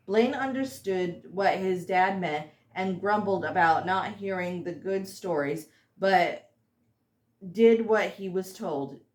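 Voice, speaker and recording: A woman reads her own fantasy novel aloud at an unhurried pace, sometimes tripping over words and starting lines again. Her voice sits at a middling pitch, and the room around her gives a noticeable echo. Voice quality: halting reading with slips, restarts and apologies. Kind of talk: unpolished audiobook reading.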